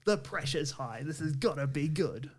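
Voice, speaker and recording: A man hosting a playful podcast game, upbeat and quick to laugh and praise the players. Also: on the high side, expressive, background noise. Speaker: game show host.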